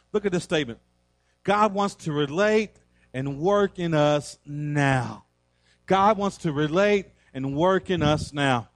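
A man's voice: high-pitched, dry recording. A man preaching a sermon as a pastor in church, emphatic and repetitive, quoting scripture.

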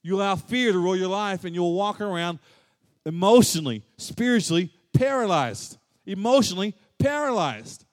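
Male pastor, dynamic sermon delivery, somewhat high voice, reverberant church hall. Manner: dynamic preaching, swings from loud emphatic to soft and hushed.

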